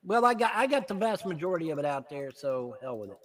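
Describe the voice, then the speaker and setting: A man hosting a show delivers a profane political rant, angry and mocking and swearing constantly. His voice is a little high and very animated, moving at a quick pace over crowd noise.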